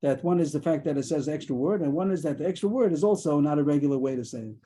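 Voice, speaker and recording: A man teaching a daily Talmud class over a video call, explaining quickly and mixing in Aramaic terms. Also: on the high side, dark tone, poor audio.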